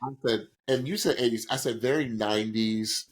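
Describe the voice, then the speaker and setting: A man co-hosting a podcast, chatting casually and excitably as he reacts to singers, and sometimes demonstrating notes himself. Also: medium pitch, normal speed. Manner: animated, excitable, demonstrates singing. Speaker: podcast co-host.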